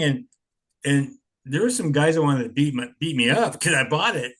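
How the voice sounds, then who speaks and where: A man's voice: fairly high pitch, animated, a little fast, fairly bright tone. A man in his sixties telling stories in a rambling, laid-back way, swearing often. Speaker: interviewee, punk musician. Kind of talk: casual storytelling.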